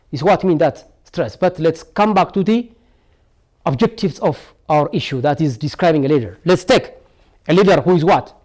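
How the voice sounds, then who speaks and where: A man's voice: fairly high pitch, darkish tone. A male English teacher with an Ethiopian accent giving a broadcast lesson, repeating words and answering his own questions. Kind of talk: televised classroom lesson.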